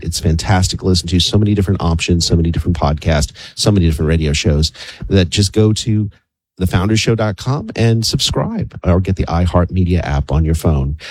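A man with a very deep voice hosting a radio show, plugging programs and events with eager enthusiasm. The studio microphone gives a dry, close sound. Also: a little mellow, no echo. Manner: enthusiastic, promotional delivery.

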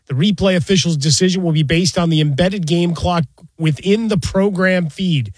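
Male radio co-host, high voice, wry and laughing, dry close mic. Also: normal speed, husky, dry recording. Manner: wry, reads rules aloud, laughs often. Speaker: radio sports talk co-host. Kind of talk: sports radio banter.

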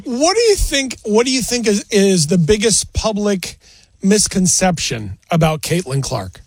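High-voiced male interview host, dry sound. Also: big pitch swings, measured pace, a little mellow, breathy edge, no echo. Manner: brief affirmations, plain questions. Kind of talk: interview questions.

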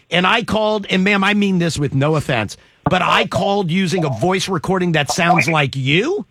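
A man hosting a radio morning show, chatting casually with co-hosts and callers, animated and joking. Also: high-pitched, breathy edge, no room sound, clean studio sound. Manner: animated, joking, quick to laugh. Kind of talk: casual radio chat taking calls.

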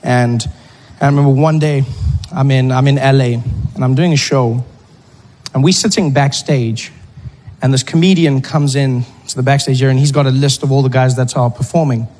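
A man's voice: mid-range voice, fairly even intonation, normal speed, a little mellow. A man with a South African accent telling a stand-up story, playful and conversational. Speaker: stand-up comedian. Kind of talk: stand-up comedy. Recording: live stand-up, long reverb.

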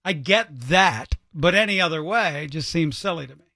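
High-voiced wry male radio co-host. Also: normal speed, bright, forceful tone. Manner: wry, teasing. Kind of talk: morning radio banter. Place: radio studio. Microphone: studio microphone.

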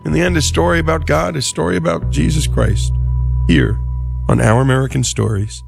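A male radio host reading a show outro and sponsor spot in an animated announcer manner. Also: a little high, brisk, creaky, slightly rough, faint music behind. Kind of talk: broadcast outro and ad read.

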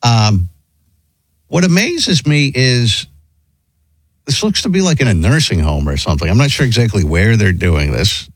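Animated male radio host. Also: fairly low pitch, husky, no echo. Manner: animated, wondering aloud, quick asides. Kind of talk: casual radio chat, reading listener emails.

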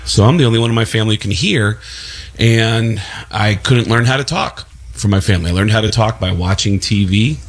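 A male voice actor from the Bronx with no regional accent, telling animated stories as a talk show guest and laughing through them. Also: lowish voice, brisk. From Bronx, New York.

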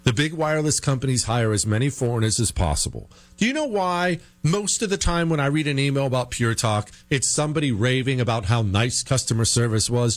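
A man hosting a talk radio show, reading listener mail and a sponsor ad in an animated way. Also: a little fast, hardly any pauses, no room sound. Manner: animated, mocking high voice when quoting listeners. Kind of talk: talk radio with live ad read.

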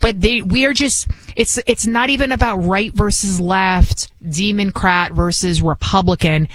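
A woman host talks straight into a dry, close mic with no room echo. Her delivery is forceful and insistent, and she doubles back on phrases to hammer them home. Her pitch sits in an ordinary middle range. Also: unhurried. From United States. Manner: emphatic, repeats phrases for stress. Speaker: talk show host. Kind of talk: opinionated political commentary.

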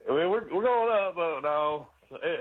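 A man's voice: fairly high pitch, animated, moderate pace. A man with an Arkansas Southern accent calling into a radio show, friendly and laid-back, dropping "man" and "you know" as he talks. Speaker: caller. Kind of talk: casual phone call to a radio show. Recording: tinny phone line.

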